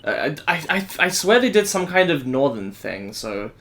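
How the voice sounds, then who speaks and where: A man's voice: on the high side, sing-song, normal speed, fairly bright tone, slight background noise. A man making hesitant, casual asides between lines of a fan dub. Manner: hesitant, with laughs and restarts. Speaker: fan dub organizer and voice actor.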